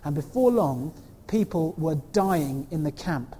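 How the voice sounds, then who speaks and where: Lively lady storyteller for kids, mellow voice, echoey hall with faint noise. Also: deep voice, measured pace, husky. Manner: animated, asks the children questions. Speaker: children's talk leader. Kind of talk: storytelling to children.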